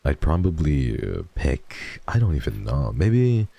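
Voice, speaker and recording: A man's voice: rumbling low, sing-song, a little slow, gravelly, warm tone. A young man streaming casually, rambling and repeating himself as he talks fondly about dogs. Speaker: streamer host. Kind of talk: casual livestream chat.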